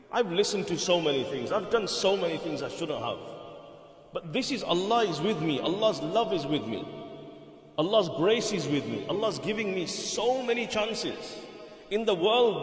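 Emphatic male preacher in echoing hall. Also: high voice. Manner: emphatic, repeats phrases, rhetorical questions. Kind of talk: sermon. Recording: reverberant hall.

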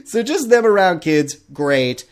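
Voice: medium pitch, measured pace. A podcast host chatting casually, swearing freely and telling stories with energy. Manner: loose, swears casually, animated storytelling. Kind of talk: casual chat.

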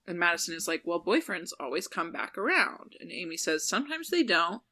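A woman co-hosting a podcast, casually recapping a TV episode, quickly retelling scenes and quoting the characters' lines, laughing often. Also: on the low side, sing-song, sharp tone. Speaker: podcast co-host.

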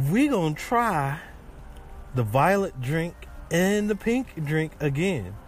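A man's voice: fairly high pitch, slight background noise. A man hosting a casual podcast, chatting in a rambling way with many restarts. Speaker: podcast host. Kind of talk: casual chat.

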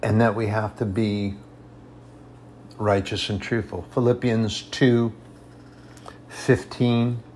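A man preaching a sermon with emphasis, repeating his points for stress and reading scripture in a raised, slow voice. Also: lowish voice, flat delivery, a little mellow, a little hiss or hum.

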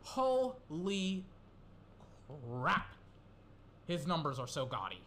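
Excitable young man, lively and bright. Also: a little high, takes it slowly, slight background noise. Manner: rambling, swearing, getting worked up. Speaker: gaming commentator. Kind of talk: casual solo commentary.

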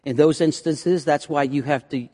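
A male pastor preaching a sermon with passion, swinging from loud pleading prayers to hushed, quiet lines, often repeating words as he restarts. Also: a little high, fairly even intonation, normal speed, big-room sound. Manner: impassioned, rising to loud prayerful pleas then dropping to hushed tones.

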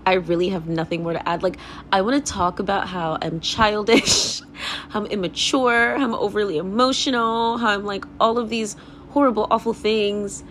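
A woman's voice: mid-range voice, steady tone, normal speed, a bit bright, slight background noise. A young woman hosting a casual solo podcast, talking candidly in a rambling way, full of fillers, swearing and laughter. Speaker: podcast host.

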